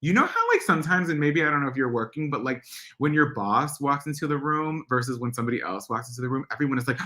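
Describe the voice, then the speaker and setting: A young man from Central America talks to a live audience as a guest speaker. He is animated and candid, and he slips into mimicking his relatives' voices as he tells stories. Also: mid-range voice, fast. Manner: animated storyteller, acts out family voices.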